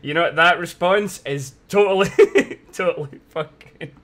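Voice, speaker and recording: A man's voice: sits high, measured pace, a bit bright. A young man chatting casually on a live game stream, laughing often and swearing freely.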